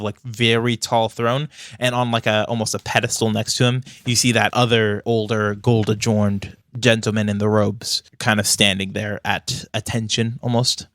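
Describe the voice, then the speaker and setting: A man's voice: fairly low pitch, fairly bright tone, no echo, studio quality. A man narrating as game master of a tabletop game, casual with lots of fillers. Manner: loose, casual with many fillers.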